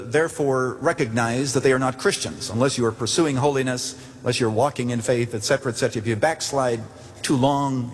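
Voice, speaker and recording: Male preacher at the pulpit, measured storyteller, slightly husky, long hall echo. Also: mid-range voice. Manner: deliberate storytelling with emphatic pauses. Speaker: pastor. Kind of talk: sermon. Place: church sanctuary at the pulpit. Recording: long church reverb.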